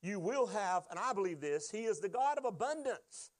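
High-voiced guy preaching, earnest storytelling, dry close sound. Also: very animated, no echo. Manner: earnest storytelling, emphatic and drawn-out on key phrases. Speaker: pastor. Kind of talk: sermon with personal testimony.

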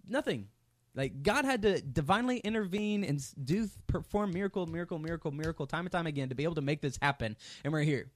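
A man's voice: on the high side, expressive, fast talker, dry recording, clean studio sound. A man teaching a casual Bible study, reading scripture and then talking it through in a loose conversational way with many fillers and sarcastic asides.

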